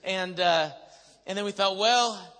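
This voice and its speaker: Guy preaching, tells stories animated, big echoey hall, sharp high voice. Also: moderate pace. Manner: animated storyteller who acts out quotes. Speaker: pastor. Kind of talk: sermon testimony to a congregation. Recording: long reverb of a large hall.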